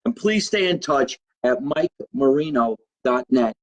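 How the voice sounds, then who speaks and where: A man's voice: mid-range voice, lively intonation, unhurried, poor audio. A male comedian, hosting his own live show from a home basement, rambling brashly, swearing and greeting viewers by name. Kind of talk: loose livestream chat to viewers.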